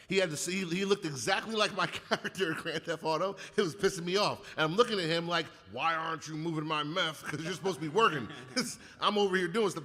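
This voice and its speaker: A man's voice: high-pitched, big-room sound. A man telling profane comic stories in casual talk, acting out quotes, who hasn't slept. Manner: animated, profane, acts out quotes. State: sleep-deprived. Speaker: comedian guest. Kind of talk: casual comedic storytelling.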